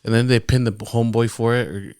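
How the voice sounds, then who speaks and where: A man co-hosting a podcast, chiming in with short reactions and quick asides in casual chat. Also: medium pitch, steady tone, darkish tone, clean tone, no room sound. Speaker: podcast co-host.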